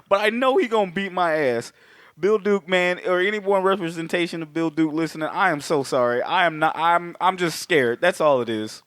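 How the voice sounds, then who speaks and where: A man's voice: high voice, normal speed, a bit bright, clean tone, dry recording, clean studio sound. A man co-hosting a movie podcast, swearing, joking and laughing often in casual banter. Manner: profane, joking, laughs a lot. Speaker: podcast co-host. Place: lives in Austin.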